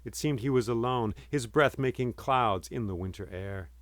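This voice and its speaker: Man, storyteller, measured, dramatic, mid pitch, dry close sound. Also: dry recording. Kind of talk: oral storytelling.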